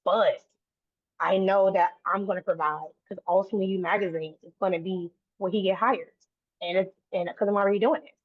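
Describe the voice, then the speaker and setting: Brief: woman guest, earnest and rambling, mid-pitched, dry tinny phone-like sound. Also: steady tone, fairly quick, no room sound. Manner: earnest, run-on sentences with frequent restarts. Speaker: guest, autism advocate. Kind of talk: conversational interview.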